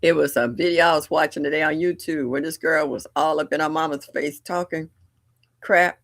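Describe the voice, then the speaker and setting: An older woman hosting a livestream, chatting casually and bluntly, telling family stories with animated delivery and laughter. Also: low voice, normal speed, dry recording. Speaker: livestream host. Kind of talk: casual storytelling chat.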